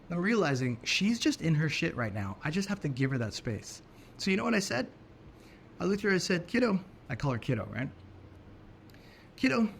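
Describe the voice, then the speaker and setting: Animated middle-aged man telling a story. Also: fairly high pitch, slight background noise. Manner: animated, expressive, restarts phrases. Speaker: podcast co-host. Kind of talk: casual storytelling talk.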